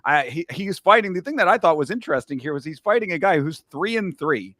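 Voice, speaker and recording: A man's voice: fairly high pitch, animated, fast talker, fairly bright tone, no echo, clean studio sound. A man hosting a casual podcast, talking in a rambling way with many restarts and asides. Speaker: podcast host. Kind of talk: casual chat.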